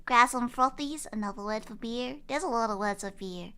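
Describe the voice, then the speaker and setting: A woman's voice: on the high side, normal speed, a bit bright, clear, resonant tone. A woman streamer in a casual livestream, chatting in a bubbly, giggly, playful way while explaining slang.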